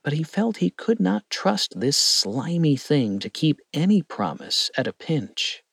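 A man reading a fantasy storybook aloud, expressive and lingering. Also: a little high, measured pace, vocal fry, slightly rough, no echo, clean studio sound. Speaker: narrator.

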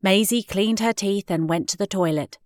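A woman reading children's stories aloud in an expressive, measured way. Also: mid-range voice, no echo, studio quality. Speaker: storyteller. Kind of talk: storybook reading.

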